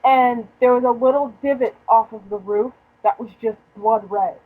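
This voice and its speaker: A young woman chatting casually as a podcast host, her voice pitched a little high. She tells her story in a profane, joking way and breaks into laughter often. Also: steady tone, normal speed, phone-quality sound. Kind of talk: casual chat.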